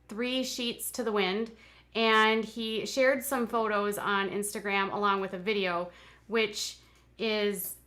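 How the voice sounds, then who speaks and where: A woman's voice: mid-range voice, sharp tone. A woman hosting a live-streamed commentary show, talking in a chatty way with exasperated asides. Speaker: commentary channel host.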